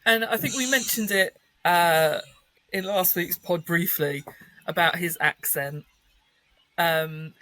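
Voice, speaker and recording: A woman's voice: lowish voice, bright, forceful tone, no echo, rough recording. A woman reviewing a film on a podcast, enthusiastic and giggly, rambling a little as she talks. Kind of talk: casual film review chat.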